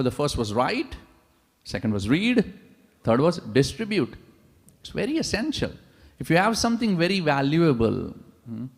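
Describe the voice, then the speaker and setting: A man's voice: on the high side, gravelly. A man giving a sermon in a large temple hall, telling stories animatedly and asking the audience rhetorical questions. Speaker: preacher. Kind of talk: sermon with storytelling. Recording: long reverb of a large hall.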